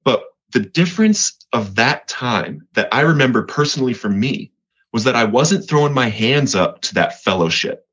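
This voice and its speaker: A man's voice: fairly low pitch, fairly bright tone, muffled recording. A man from Colorado, a podcast guest giving an earnest personal faith testimony, often restarting and repeating words.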